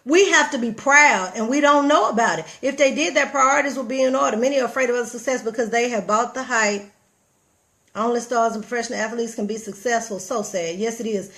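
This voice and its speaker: A woman vlogger with a Southern US accent talks fast on her livestream, barely pausing, in a slightly high voice. Her casual motivational chat is animated and preachy, aimed directly at viewers whose comments she reads out.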